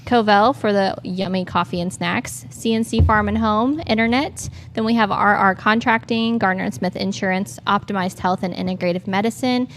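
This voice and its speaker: A woman's voice: medium pitch, fairly even intonation, moderate pace, hardly any pauses, slight background noise. A woman hosting a casual local morning show, upbeat and friendly as she wraps up and thanks sponsors. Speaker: host. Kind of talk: casual chat. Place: brewery.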